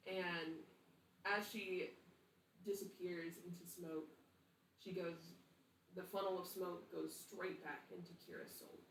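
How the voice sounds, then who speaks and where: A woman narrating a tabletop game as game master, slow and hesitant with many fillers. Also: on the low side, very animated, vocal fry, a bit bright, distant mic, a little hiss or hum. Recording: echoey room, off the mic.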